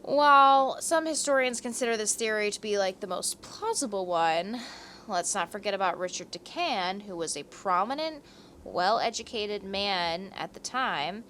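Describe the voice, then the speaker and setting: A young woman co-hosts a podcast and rambles through a history story. She is chatty, self-mocking and casually profane. Her voice is mid-pitched, with a faint hiss underneath. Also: lively intonation, normal speed, fairly bright tone. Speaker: podcast co-host.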